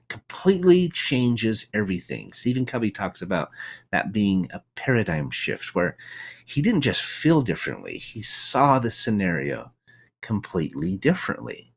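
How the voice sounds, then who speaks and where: A middle-aged man from the United States talks through a solo podcast episode in a husky, fairly low voice. His pitch rises and falls a lot as he tells stories and reflects, often restarting phrases and tossing in "right?" along the way. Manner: reflective, storytelling, frequent restarts and "right?" tags. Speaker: podcast host. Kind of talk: solo monologue.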